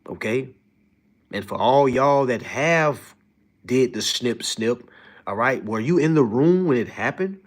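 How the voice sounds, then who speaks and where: Man, animated rant, AAVE, lively swooping pitch, fairly high voice. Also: measured pace. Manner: animated, addresses viewers as y'all, mocking high-pitched impressions. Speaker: livestream host. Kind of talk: casual ranting livestream monologue.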